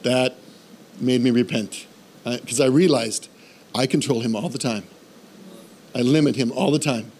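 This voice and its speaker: A man's voice: mid-range voice, normal speed, pauses often, slight background noise. A man preaching a sermon, telling a humorous personal story and building to a fervent call to faith. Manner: animated storytelling, self-deprecating humor; rises to fervent exhortation.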